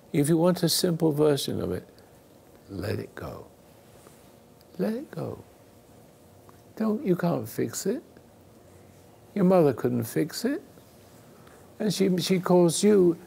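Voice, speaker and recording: A man hosting a spiritual call-in radio show, talking slowly and asking rhetorical questions as he preaches. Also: a little high, gravelly, warm tone, slightly rough.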